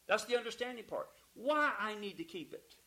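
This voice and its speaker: A man preaching a sermon, emphatic, asking the congregation rhetorical questions and calling for amens, dropping from loud peaks to quiet asides. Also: high voice, expressive, a little fast, rough recording.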